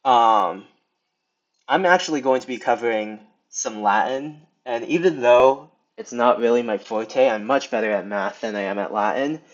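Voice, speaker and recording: A young man giving a casual screen lesson, talking through it with many pauses, ums and restarts. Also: medium pitch. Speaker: video tutor. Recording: slightly dull lo-fi sound.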